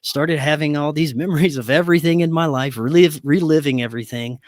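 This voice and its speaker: A man's voice: on the high side, fairly quick, no room sound. Man telling a story, dry close sound. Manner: animated, acts out quoted dialogue. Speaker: podcast guest. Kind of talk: casual storytelling.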